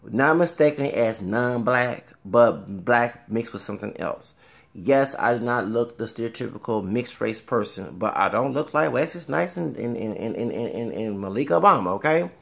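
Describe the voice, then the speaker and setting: A man's voice: medium pitch, lively intonation, normal speed, gravelly, a bit bright. A man in his thirties talking casually to camera, rambling with repeated words and frequent fillers. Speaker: vlogger.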